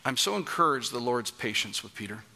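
A man's voice: medium pitch, expressive, brisk, bright, forceful tone. A middle-aged man preaching a sermon, emphatic and asking the congregation questions.

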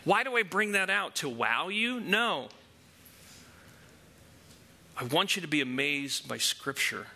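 Bright, high-voiced man preaching a sermon. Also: big pitch swings, slow pace, gravelly, pauses often. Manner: teaching, conversational with rhetorical questions. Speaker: pastor.

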